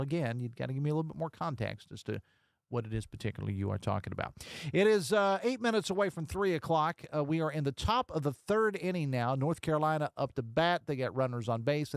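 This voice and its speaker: A man's voice: medium pitch, gravelly, no room sound. Radio host guy, chatty and rambling, reads texts out, dry studio sound. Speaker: radio talk show host. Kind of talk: casual call-in show chat.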